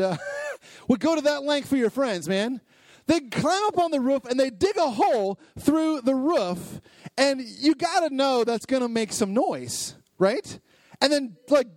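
Man, youth pastor, high voice, dry close sound, lively Bible lesson, lots of questions to the group. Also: no echo.

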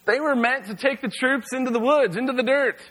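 Male youth pastor, relaxed storytelling sermon, crisp bright tone, long hall echo. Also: very high voice, a little fast. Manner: casual storytelling with frequent fillers.

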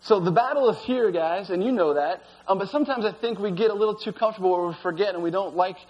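A man's voice: sits high, quick pace, muffled recording. A man preaching as a youth pastor, telling stories in a casual, filler-laden way. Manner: casual storytelling with frequent fillers. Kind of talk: sermon. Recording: long reverb of a hall.

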